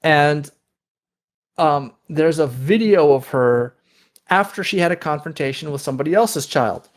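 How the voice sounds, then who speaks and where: Male podcast guest, somewhat high voice, explanatory, many restarts. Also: lively intonation, a little slow. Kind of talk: conversational interview.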